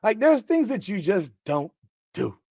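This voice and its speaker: A man hosting a live sports podcast, hoarse with a worn-out voice, talking in an excitable, profane, trash-talking way while reading the chat. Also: high voice, a little slow, no echo, muffled recording. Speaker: podcast host.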